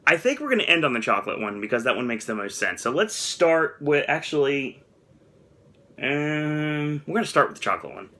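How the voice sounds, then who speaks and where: A young food review vlogger talks casually on camera while taste-testing snacks, candid and a bit dramatic about the flavors. His voice is a little high, very animated, fairly quick, and pushed and bright.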